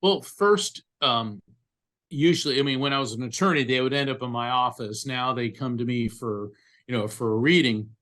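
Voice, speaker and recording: A man's voice: mid-range voice, normal speed. Earnest man telling stories. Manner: earnest, animated storyteller. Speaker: psychic medium guest. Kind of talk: conversational storytelling interview.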